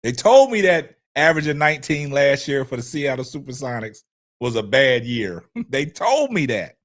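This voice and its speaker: Animated man hosting a call-in stream. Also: mid-range voice, normal speed. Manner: animated, repetitive, reads chat aloud. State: choked up, coughing. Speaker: livestream sports show host. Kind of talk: casual call-in livestream talk.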